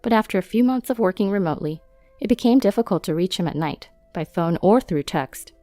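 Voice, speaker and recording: A woman narrating a first-person story in a steady, matter-of-fact way. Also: medium pitch, a little fast, no echo, soft background music.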